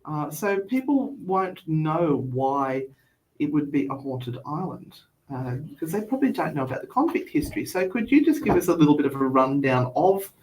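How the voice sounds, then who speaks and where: A woman's voice: low voice, very animated, normal speed, darkish tone, rough recording. A woman hosting a live talk show, chatty and rambling, laughing between her questions. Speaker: host.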